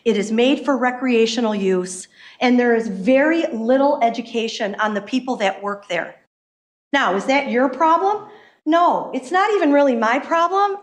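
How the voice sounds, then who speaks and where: A woman giving an impassioned public comment at a council meeting as a hemp business owner, emphatic and quick. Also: high voice. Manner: impassioned, emphatic, fast-talking. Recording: echoey meeting room.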